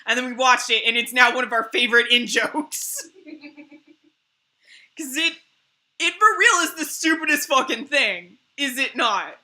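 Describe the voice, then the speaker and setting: A woman's voice: high-pitched, expressive, measured pace, bright, forceful tone. A woman streamer in casual chat on a live stream, laughing often and swearing freely.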